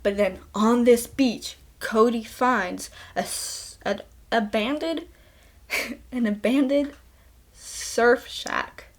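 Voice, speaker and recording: A woman's voice: a little high, takes it slowly. A woman host casually recapping a film in a chatty, playful way, with bursts of mock outrage. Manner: chatty, playful, breaks into laughs. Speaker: podcast host.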